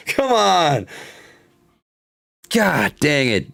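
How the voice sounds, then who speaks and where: A man's voice: a little high, lively intonation, a little fast, a bit bright. A young man hosting a live stock-trading stream, commenting casually on charts, reading chat aloud and venting frustration. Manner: frustrated, reads chat aloud, swears and laughs it off.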